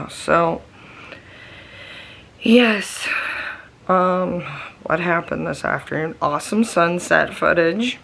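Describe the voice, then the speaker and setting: A woman vlogs casually from her living room, tired and nursing a migraine. Her slightly bright voice has vocal fry; she talks slowly, pauses often, and rambles in a low-key daily chat packed with fillers.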